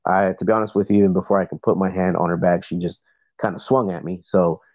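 A man's voice: low-pitched, fairly even intonation, fast, no echo, dull audio. A man calling in to tell a workplace story in a casual, rambling way, full of fillers and restarts. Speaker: voice message caller.

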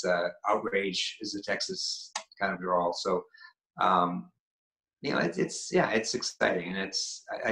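A man's voice: lowish voice, gravelly, fairly bright tone. A man from Maine, an actor being interviewed, talking casually and rambling with many restarts and fillers. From Maine, New England. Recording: echoey room.

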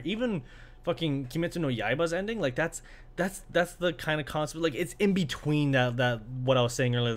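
Man, casual monologue, excitable, profane, rambling, middle pitch, apartment recording. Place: apartment room by a window.

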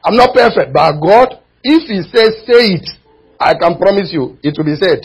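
A male preacher delivering a sermon in church, his voice sitting high and a little husky. He swings between impassioned, almost shouted lines and quiet, low asides to the congregation. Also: expressive, normal speed, rough recording. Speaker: pastor.

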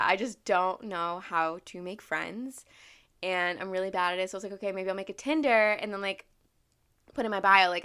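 A woman's voice: medium pitch, bright, forceful tone. A young woman in her twenties vlogging in a candid, rambling way, swearing freely and poking fun at herself. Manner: candid, swears freely, self-mocking, lots of "like". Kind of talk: casual rambling monologue.

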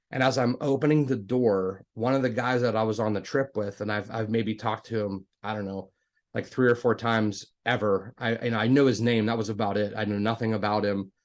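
A man telling a personal story in a relaxed, conversational way. He is a self-styled joker with a mid-range voice. He gets animated and climbs higher whenever he quotes someone. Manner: animated, acts out dialogue with raised pitch; self-described jokester, talkative with many restarts. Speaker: guest telling his faith story. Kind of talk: casual storytelling.

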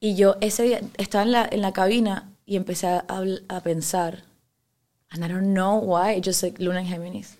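Brisk and steady, with a mellow mid-range voice, a young Venezuelan woman talks casually as a guest on an interview. The singer-songwriter is candid, curses freely, and slides between Spanish and English within sentences.

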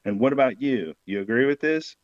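A man's voice: medium pitch, lively intonation, a little fast, dry recording, dull audio, pitched above the performer's own voice, natural voice. A man reading the lines of a cold, demanding male crime boss who bargains curtly. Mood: gruff. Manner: grumbling, curt bargaining.

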